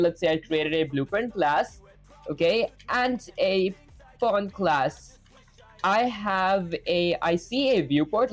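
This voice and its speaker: A live-stream coder talks through their work in a relaxed, running commentary at a mid-range pitch. They think out loud and keep dropping "okay" and "let's go ahead" between steps. Soft music plays quietly underneath.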